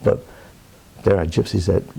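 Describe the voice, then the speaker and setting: A man's voice: low voice, moderate pace, vocal fry, dark tone, slight background noise. An older man being interviewed, telling a personal story in an earnest, plainspoken way with rambling asides. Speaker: interviewee, Roma advocate.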